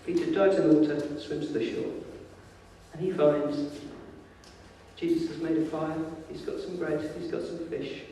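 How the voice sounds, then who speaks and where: Lively storyteller preacher in an echoey hall. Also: male voice, a little high, moderate pace, recorded from a distance, a little hiss or hum. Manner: lively informal storytelling, acting out voices. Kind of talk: sermon. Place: church.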